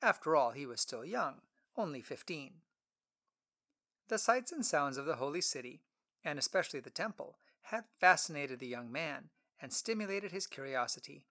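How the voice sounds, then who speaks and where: A man narrating an audiobook story in a clear, expressive storytelling manner. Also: on the high side, moderate pace.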